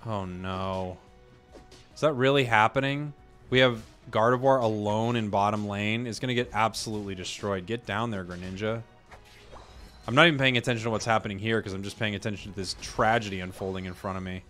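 A man hosting a gaming video, chatting casually about his matches and bursting into loud excitement at big plays. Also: lowish voice, a little fast, faint music behind. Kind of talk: casual gameplay commentary.

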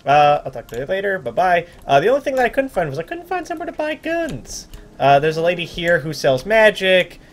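A man's voice: sits high, sing-song, a little fast, slight background noise. A man hosting a video game playthrough, chatting casually and reading the game's dialogue aloud, often stumbling over words. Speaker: let's play host.

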